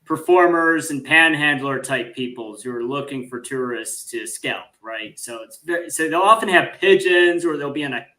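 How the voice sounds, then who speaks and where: A man with a bright, forceful voice a little above average pitch talks as a podcast panel guest. He tells anecdotes in a chatty way and often restarts his sentences mid-thought. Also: normal speed, few pauses. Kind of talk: casual panel discussion.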